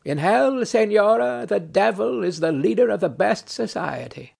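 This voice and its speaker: A man's voice: high voice, expressive, normal speed, creaky, a little mellow, full character voice. A man reading a play aloud, voicing a weary, ironic nobleman who speaks in a dry, mocking, philosophical way. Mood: dryly mocking. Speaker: audiobook narrator.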